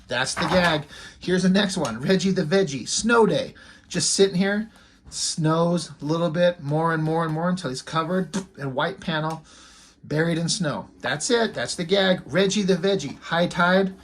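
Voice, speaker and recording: A man's voice: fairly high pitch, moderate pace. A man giving a casual comic book review, talking in an offhand, wry and rambling way.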